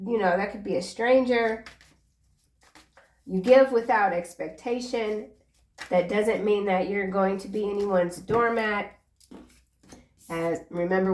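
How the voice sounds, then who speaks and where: A woman's voice: medium pitch, far from the mic, a little hiss or hum. Chatty woman tarot reader, roomy echo. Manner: chatty, earnest, encouraging, drifts into personal asides. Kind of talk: casual tarot reading monologue.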